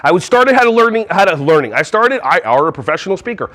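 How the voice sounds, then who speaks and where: A man giving a lively, jokey talk at a conference hall on a wireless mic, often acting out little voices. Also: high voice, quick pace. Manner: playful, jokey, acts out voices. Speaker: conference speaker. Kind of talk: energetic live workshop talk.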